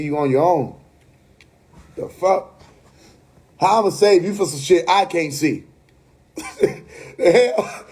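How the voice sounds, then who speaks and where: Husky-voiced man telling a wild story. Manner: animated, laughing often, drops to a low mumble for quoted friends. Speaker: livestream host. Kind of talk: casual storytelling on a live stream.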